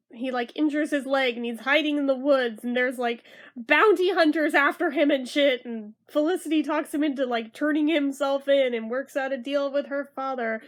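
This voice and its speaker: High-voiced chatty woman reviewing a film. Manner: chatty, sarcastic, swears, mock-dramatic outbursts. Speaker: movie reviewer. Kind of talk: casual movie review.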